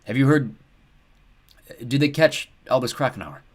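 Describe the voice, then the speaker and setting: A man's voice: medium pitch, expressive, a little slow, breathy edge, voice pushed up. A man doing a worried grown-up friend. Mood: anxious. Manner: worried, apologetic. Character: anxious middle-aged male family friend.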